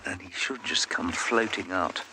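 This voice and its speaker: A man working as a safari guide, giving calm, explanatory live commentary outdoors in the bush. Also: low-pitched, a little slow. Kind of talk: live game-drive commentary. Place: outdoors in the bush on a game drive. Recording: outdoor ambience noise.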